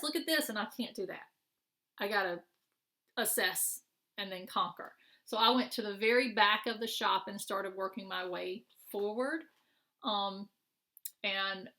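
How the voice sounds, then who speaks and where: A middle-aged craft vlogger chats casually while showing her purchases, rambling in a friendly manner full of fillers and restarts. Her mid-range voice sounds pushed and bright.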